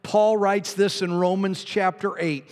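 A man preaching a sermon, telling a personal story with strong emotion and often dropping to hushed tones. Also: sits high, steady tone, a little slow, smooth. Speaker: pastor. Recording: long hall reverb.

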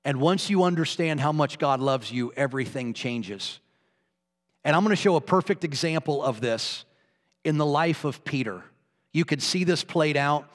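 A man preaching a sermon, earnestly retelling a story and swinging from soft to emphatic. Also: fairly high pitch, animated, moderate pace, long reverb tail.

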